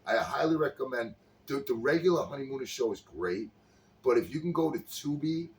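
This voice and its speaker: Medium-pitched and expressive, a man speaks briskly while retelling a sitcom scene in casual conversation, performing the characters' dialogue. He's a podcast co-host, caught on a slightly distant mic with faint background noise.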